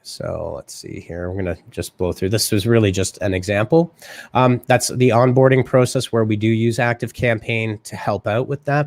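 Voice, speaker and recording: A man hosting a live marketing show, talking fast and casually and often checking in with "right?". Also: lowish voice. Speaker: host.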